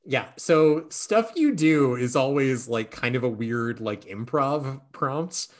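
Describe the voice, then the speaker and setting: A man's voice: mid-range voice, expressive, slow. A man hosting a podcast in casual chat, playfully reading party-game prompts aloud. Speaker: podcast host.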